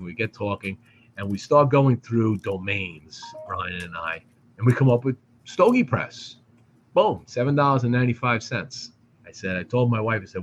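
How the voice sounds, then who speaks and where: A man's voice: medium pitch, moderate pace, slight background noise. Profane storytelling man, slightly muffled. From Boston area. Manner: animated, profane, frequent restarts. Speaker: podcast guest. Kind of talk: casual storytelling. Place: studio.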